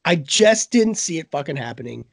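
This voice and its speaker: Male co-host, hoarse from a cold, husky and gravelly, blunt and casual. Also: fairly high pitch, big pitch swings, moderate pace, no room sound. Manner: swears a lot, loose and blunt. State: sick, hoarse. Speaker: podcast co-host. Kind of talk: casual chat.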